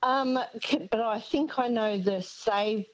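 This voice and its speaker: A woman's voice: fairly high pitch, slow pace, lo-fi sound. Hesitant woman calling a radio quiz. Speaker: caller. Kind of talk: phone-in chat.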